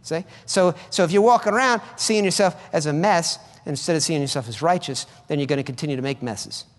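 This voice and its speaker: A man's voice: a little high, fairly quick, long reverb tail. A man preaching a sermon in an emphatic, conversational way, often repeating his phrases for effect.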